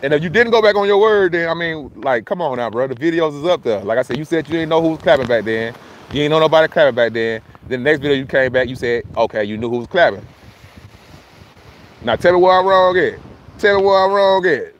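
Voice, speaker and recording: A high-pitched man in holds forth on a casual phone livestream outdoors. He is loose, profane and argumentative, calling out viewers by name and repeating his points. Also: animated, fast, muffled recording, slight background noise. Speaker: livestream host.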